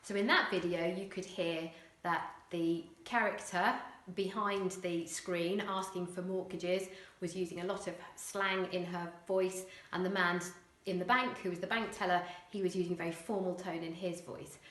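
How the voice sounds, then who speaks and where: A woman primary school teacher explaining a writing lesson clearly, with occasional fillers. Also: fairly low pitch, fairly even intonation, moderate pace, a bit bright, echoey room.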